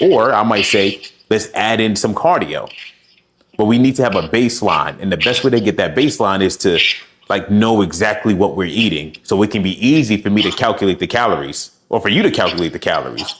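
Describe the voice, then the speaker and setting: A man's voice: lowish voice, animated, a little fast, fairly bright tone, a little hiss or hum. A man working as a fitness coach, giving direct, encouraging advice and talking through examples. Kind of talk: coaching session.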